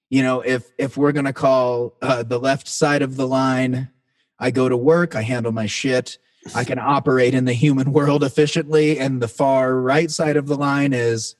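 A man's voice: mid-range voice, darkish tone. Laid-back swearing man telling stories. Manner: laid-back, swears freely, says "man" and "dude" often. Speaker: band singer, podcast guest. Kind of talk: casual storytelling chat.

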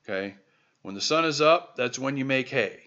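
A man's voice: medium pitch, expressive, moderate pace, bright, forceful tone, muffled recording. A man from the American heartland hosting a podcast, talking listeners through a monologue in an emphatic, exhorting way with lots of repeated rhetorical questions. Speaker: podcast host.

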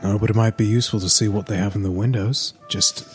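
A man's voice: lowish voice, steady tone, fast, soft background music. A man playing a tabletop game, joking and laughing with the table. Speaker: player. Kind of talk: casual tabletop game play.

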